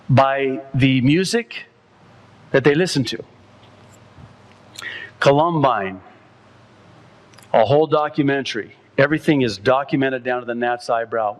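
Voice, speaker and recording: A male pastor preaching a sermon, reading quotes aloud and working himself up to high, loud, impassioned peaks.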